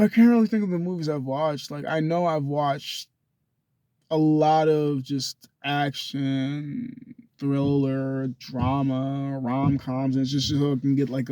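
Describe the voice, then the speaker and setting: A man's voice: a little high, a little mellow, dry recording. A young man rambling through a loose, profane self-recorded monologue into a phone. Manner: loose and profane, drifts between thoughts.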